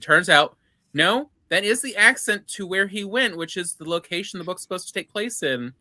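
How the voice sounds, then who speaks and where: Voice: mid-range voice, normal speed, bright, forceful tone, no room sound. A co-host in a casual chat, making wry, joking asides. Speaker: podcast co-host.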